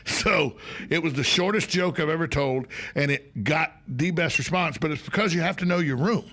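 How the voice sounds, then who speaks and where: A man's voice: a little high, moderate pace, a bit bright. A man hosting a talk radio show, telling jokes and stories in a casual, emphatic way. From United States. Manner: storytelling, joking, emphatic. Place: radio studio.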